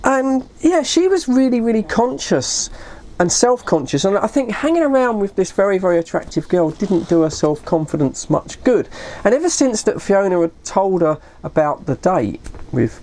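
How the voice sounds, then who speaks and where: A woman's voice: fairly low pitch, sing-song, normal speed, warm tone. A woman telling a long story in a casual, rambling way, often correcting herself and saying "you know". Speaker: vlogger.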